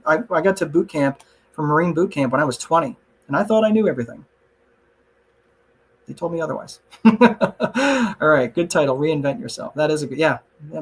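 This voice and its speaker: A man's voice: fairly high pitch, slightly rough. Chatty man teaching an online class. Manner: conversational, frequent "look" and "right?" asides, self-joking. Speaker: class presenter. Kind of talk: casual online class, answering chat questions.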